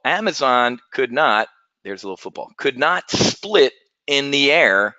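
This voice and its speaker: A man hosts a live trading webinar in a folksy, joking patter. His voice is bright and forceful. The sound is dry and a bit dull and lo-fi. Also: mid-range voice, dry recording. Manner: folksy, animated, jokey salesman patter.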